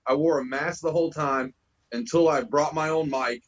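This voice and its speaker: Husky dude talking band stuff, fired up, lots of cussing and bro, kinda breathy. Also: male voice, a little high, moderate pace, muffled recording. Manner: animated, swears freely, says "bro" often. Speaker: band vocalist, podcast guest. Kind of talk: casual chat.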